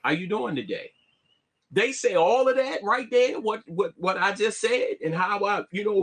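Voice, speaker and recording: A man talking, animated, often restarting and asking "you see what I'm saying". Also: high voice, moderate pace, slightly rough. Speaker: vlogger. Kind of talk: casual live-stream monologue.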